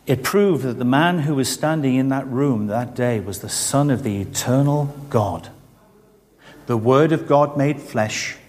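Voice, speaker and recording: A middle-aged man preaching in a church hall, earnest and full of rhetorical questions. His mid-pitched voice carries a long reverb from the room. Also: a little slow, a little mellow. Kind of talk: sermon.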